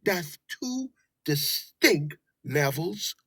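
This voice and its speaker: A woman's voice: low voice, sing-song, drawn-out words, loud music behind the voice, poor audio. A Bahamian woman giving scornful, preachy commentary over video clips. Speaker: political commentator.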